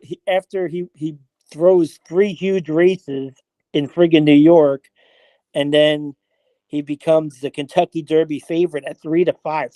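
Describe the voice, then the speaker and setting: A man with a somewhat high voice tells a lively story as an interview guest, acting out the dialogue and swearing casually. The sound is dry and close. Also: no room sound. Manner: animated storyteller, acts out quoted dialogue, frequent "I was like". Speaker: interview guest, horse player.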